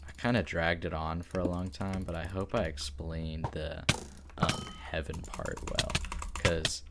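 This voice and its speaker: A man's voice: low-pitched, flat delivery, measured pace, very noisy. A young man, a student, chatting casually and rambling with lots of fillers as he plays a game late at night. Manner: rambling, hesitant, full of likes. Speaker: gaming YouTuber. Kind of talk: casual chat while playing a game.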